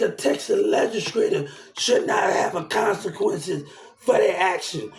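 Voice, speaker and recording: Heated young man with a high voice. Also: unhurried, creaky, roomy sound, slight background noise. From New Orleans, Louisiana. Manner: rambling, heated, swears often. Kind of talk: casual ranting monologue.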